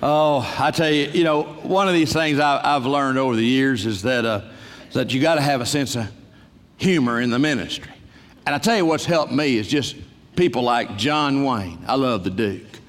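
A man's voice: mid-range voice, long reverb tail. An older man preaching a humorous, folksy sermon full of stories and bursts of laughter. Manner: storytelling, folksy, breaks into laughter and loud exclamations.

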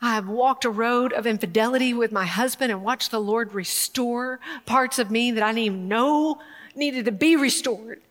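A woman preaching a sermon in an emotional, emphatic way, laughing and pausing as she speaks. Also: fairly high pitch, fairly bright tone. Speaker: speaker at a women's gathering. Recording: long hall reverb.

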